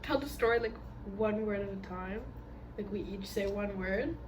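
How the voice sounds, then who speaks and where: A young adult woman telling a long story in casual mukbang chat, animated and full of fillers, acting out what others said. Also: mid-range voice, moderate pace, a little hiss or hum. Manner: animated storyteller, acts out quotes, many fillers.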